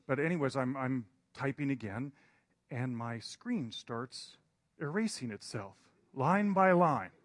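A man's voice: mid-range voice, expressive, measured pace, no echo. A man preaching in a storytelling style, rambling and self-deprecating, with hesitant restarts. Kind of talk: storytelling sermon.

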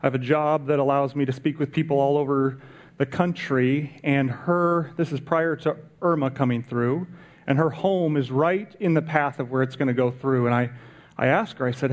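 A pastor with a mid-range voice speaks at a normal speed during a church service. His sermon is conversational, and he puts rhetorical questions to the congregation.

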